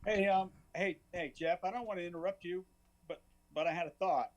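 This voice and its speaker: A man's voice: high voice, a little fast. A man who is the show's producer, speaking earnestly and gushing with over-the-top praise in comedic banter. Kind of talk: comedic variety show banter. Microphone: studio microphone.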